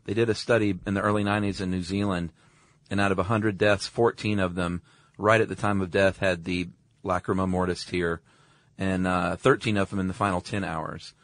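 A man's voice: low voice, flat delivery, brisk, fairly bright tone, dry recording. A man co-hosting a podcast, casually explaining facts with lots of filler words and easy laughs. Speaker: podcast co-host. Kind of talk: casual chat.

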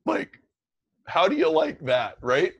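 A man's voice: high voice, huge pitch swings, slow pace, creaky, breathy edge, no echo, highs cut off. Chatty middle-aged man, dry sound. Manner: chatty, lots of "like" fillers. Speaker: interview guest. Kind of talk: casual storytelling.

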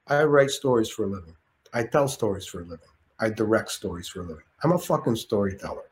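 A man putting on an impression of a famous older film actor, gruff, clipped and profane, while telling a story. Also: on the low side, animated, fast, a little hiss or hum, lightly acted. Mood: earnest.

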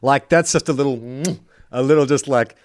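A man's voice: mid-range voice, fairly quick, no echo. A man co-hosting a podcast, adding short dry jokes to the conversation. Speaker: podcast co-host. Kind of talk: casual chat.

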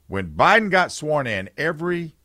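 Opinionated male talk radio host, lively pitch. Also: normal speed, dry recording, studio quality. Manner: opinionated, conversational, reads listener texts aloud. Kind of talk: political talk radio monologue.

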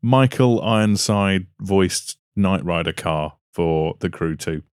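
A man's voice: deep voice, slow, smooth, dry recording, studio quality. A man co-hosting a casual podcast over an online voice call. He jokes and laughs often. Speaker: podcast co-host.

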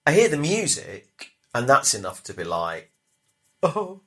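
A middle-aged man chatting as a podcast guest, telling stories with loud bursts and quiet asides. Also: medium pitch, wildly swooping pitch, normal speed. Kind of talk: casual chat.

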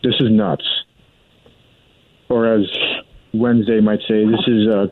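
A man's voice: lowish voice, little pitch movement, unhurried, no room sound. A man calls in and sounds baffled and exasperated, pressing with question after question. His voice is thin and tinny over a phone line, with a dry sound. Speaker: caller. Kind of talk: phone-in radio chat.

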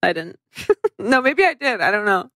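A woman's voice: mid-range voice, big pitch swings, normal speed. A woman co-hosting a podcast in casual chat about movies, rambling with lots of "like" and acting out quotes. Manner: rambling, many likes, acts out quotes. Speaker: podcast co-host.

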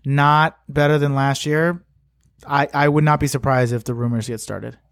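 A man's voice: medium pitch, steady tone, moderate pace, clear, resonant tone, dry recording. A man co-hosting a sports podcast, talking bluntly with swearing and frequent laughter. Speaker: podcast co-host. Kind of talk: casual sports chat.

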